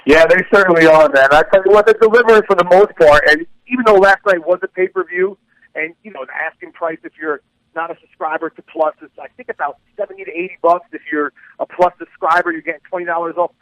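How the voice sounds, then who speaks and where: A man's voice: fairly high pitch, fast, fairly bright tone, no room sound, low-quality recording. A man co-hosting a radio talk show, giving easygoing, wry opinions on the topics in play.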